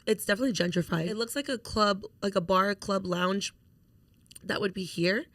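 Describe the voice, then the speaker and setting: A young woman co-hosting a podcast, casually telling a lively story and swearing freely as she acts out what people said. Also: medium pitch, moderate pace, dry recording. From Mexican heritage. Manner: animated, swears freely, acts out quoted voices. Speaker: podcast co-host.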